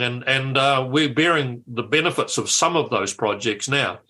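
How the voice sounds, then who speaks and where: Lively older man. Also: medium pitch, moderate pace. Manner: lively storyteller, repeats words at starts. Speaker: former politician, guest. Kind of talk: anecdotal interview chat.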